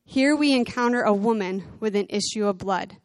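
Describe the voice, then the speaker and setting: A woman in her thirties giving a sermon, earnest and personal, telling stories and slowing down for emphasis. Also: medium pitch, dry recording. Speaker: speaker at a church service.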